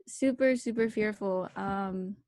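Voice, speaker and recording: A woman's voice: mid-range voice, slow, no room sound, clean studio sound. A young woman co-hosting a podcast, telling a personal story in casual chat, full of fillers. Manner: animated storytelling, many fillers. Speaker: podcast co-host.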